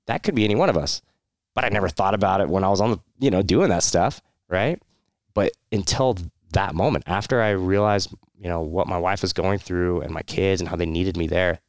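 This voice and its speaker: A veteran opens up in an interview, his voice low and gravelly. He speaks with candor and rambles through restarts and fillers, with short laughs. The sound is close and dry. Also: fairly quick, no echo. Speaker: military veteran guest. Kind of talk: candid personal storytelling.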